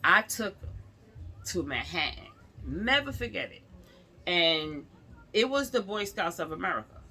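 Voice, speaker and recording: A woman's voice: fairly low pitch, big pitch swings, a little slow, bright, forceful tone, a little hiss or hum. A woman vlogger chatting to her viewers in a rambling storytime, often calling them y'all.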